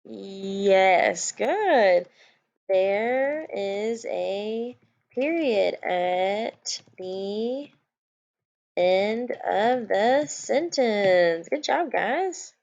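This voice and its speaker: A woman teaching a recorded class lesson, playful and full of little jokes as she walks through a sentence. Her voice sits at an ordinary pitch, and the recording comes through a bit muffled from a computer mic. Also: lively intonation, drawn-out words, creaky, darkish tone. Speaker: elementary school teacher.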